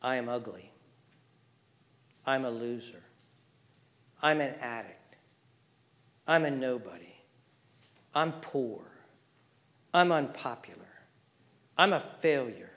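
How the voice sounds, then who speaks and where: A male pastor preaching a sermon, alternating emphatic raised calls with hushed, whispered passages. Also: mid-range voice, lively intonation, takes it slowly, long pauses.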